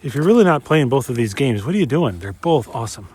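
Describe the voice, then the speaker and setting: A man's voice: mid-range voice, very animated, fast talker, noisy background. Chatty man vlogging on a winter trail. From Minnesota. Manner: chatty, enthusiastic, addresses viewers directly. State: slightly out of breath while walking fast. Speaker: geocaching vlogger. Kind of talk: casual outdoor vlog narration.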